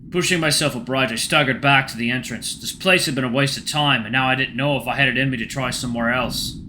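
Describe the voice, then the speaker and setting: Man with a bright, sharp voice reading a story. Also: mid-range voice, slight background noise. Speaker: gaming channel host. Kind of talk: dramatic first-person story reading.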